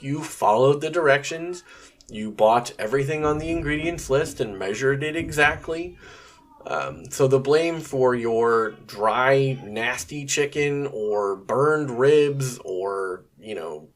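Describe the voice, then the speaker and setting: A man hosting a podcast on his own, talking conversationally with frequent fillers and some mild swearing. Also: mid-range voice. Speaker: podcast host. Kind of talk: casual solo podcast monologue.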